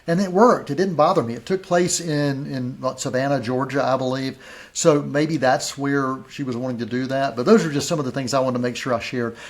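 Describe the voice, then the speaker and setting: Reflective middle-aged man reviewing films. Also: mid-range voice. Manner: reflective, hesitant, many fillers and restarts. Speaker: film review show co-host. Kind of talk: casual film review chat.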